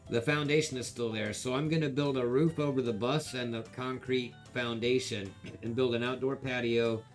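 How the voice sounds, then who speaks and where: A man of ordinary pitch hosts a livestream auction, talking loosely and chatting with his viewers. He rambles through stories in a relaxed, conversational way. Faint guitar music plays quietly behind him. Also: moderate pace. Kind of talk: casual livestream chat.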